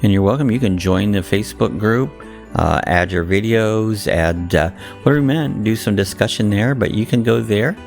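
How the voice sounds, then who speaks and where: Male host, deep gravelly voice, plain explainer tone, soft guitar underneath. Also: animated, normal speed. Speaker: channel host. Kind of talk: casual channel outro. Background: faint guitar music.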